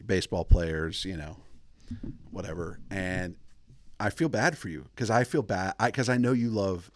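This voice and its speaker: A man's voice: low-pitched, moderate pace, slight background noise. A man hosting a podcast, talking in a loose, rambling comic monologue. He wanders off on tangents and laughs at his own jokes. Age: adult father of kids. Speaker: podcast host.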